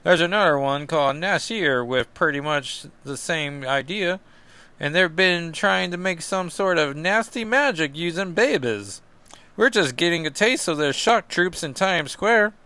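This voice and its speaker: A man's voice: a little high, lively intonation, measured pace, pushed and bright, smooth, dry recording, voice pushed up, full character voice. A man putting on a drawling young Kentucky hero. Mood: earnest. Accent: put-on Kentucky.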